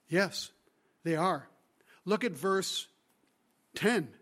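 A man preaching a sermon as a guest speaker, retelling the story with lively energy and asking the congregation rhetorical questions. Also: high-pitched, measured pace, long pauses, breathy edge. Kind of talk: expository sermon.

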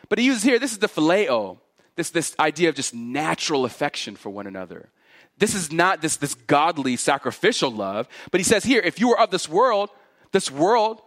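A man preaching a sermon in a fairly high voice that swings widely in pitch. He stacks repeated phrases into building runs, then sinks low and hushed on his warnings. The delivery is earnest throughout. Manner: drops low and quiet on key warnings. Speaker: pastor. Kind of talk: expository sermon.

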